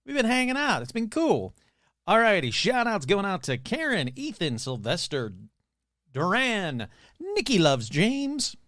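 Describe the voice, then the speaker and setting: A man hosts his podcast in a loose, rambling chat, dropping the odd swear. His voice sits a little high and swoops up and down constantly. The sound is dry and close. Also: wildly swooping pitch, unhurried, a bit bright, no room sound. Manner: rambling, chatty, swears freely. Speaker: podcast host. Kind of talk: casual chat.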